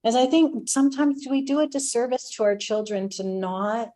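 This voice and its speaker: A woman's voice: a little high, moderate pace, warm tone. A woman, a spiritual director, giving a reflective spiritual talk and telling stories, laughing now and then.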